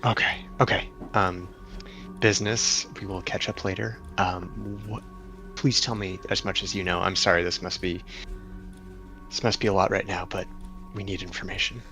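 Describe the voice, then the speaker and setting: A man voicing a caring adventurer who speaks softly and reassuringly. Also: level tone, normal speed, soft background music. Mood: urgent. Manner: soft, low, reassuring. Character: steady, caring adventurer comforting a friend.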